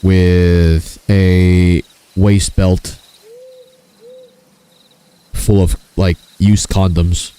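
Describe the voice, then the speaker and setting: A man's voice: low voice, little pitch movement, extremely slow, pauses often, dark tone, clear, resonant tone. A man chatting casually on his gaming stream, joking crudely and swearing freely. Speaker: VTuber streamer.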